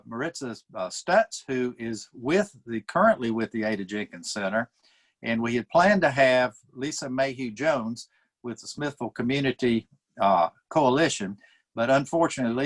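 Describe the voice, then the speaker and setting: Male town mayor, mid-pitched voice, hosting, fillers, video call. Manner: warm introductions with many fillers. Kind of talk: introducing panelists.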